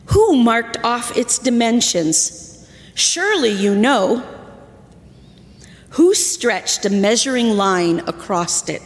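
A woman reading a scripture passage aloud in church in a measured way. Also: fairly high pitch, lively intonation. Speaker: scripture reader. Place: church sanctuary. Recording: long church reverb.

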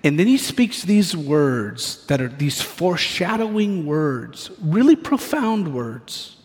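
Male preacher, lively story-driven sermon with playful asides, higher pitch, echoey hall. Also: slow.

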